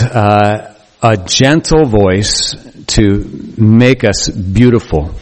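A male pastor giving a conversational, animated sermon in a church, with frequent restarts. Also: medium pitch. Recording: long reverb of a church hall.

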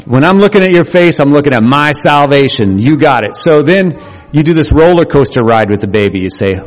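A man's voice: medium pitch, lively intonation, a little fast. A man preaching a conversational sermon as pastor, folksy and rambling, correcting himself as he goes. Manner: folksy, rambling, self-correcting, acts out quotes with a raised voice. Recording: long hall reverb.

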